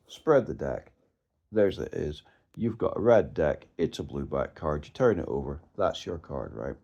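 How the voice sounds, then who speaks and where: Low gravelly-voiced man talking magic. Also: very animated, measured pace, a little mellow, lo-fi sound. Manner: emphatic, direct, restarts words. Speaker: mentalist discussing magic performance. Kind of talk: casual instructional monologue.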